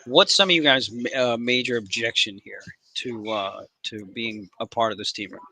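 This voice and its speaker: A man hosting a live trading stream, talking in casual, profane banter with sudden loud outbursts. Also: mid-range voice, moderate pace, dry recording, rough recording. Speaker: livestream trading host. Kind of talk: casual livestream chat.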